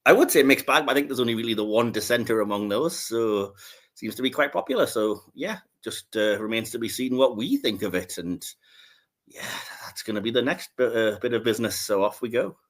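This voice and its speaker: A man's voice: medium pitch, animated, a little fast. Rambling male podcast host. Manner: rambling, many filler words and restarts. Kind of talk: casual podcast chat.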